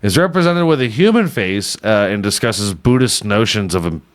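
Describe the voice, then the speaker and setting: Male podcast host, casual comedic riffing, irreverent and profane, very animated pitch. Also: normal speed. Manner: irreverent, swears often, laughs at own jokes.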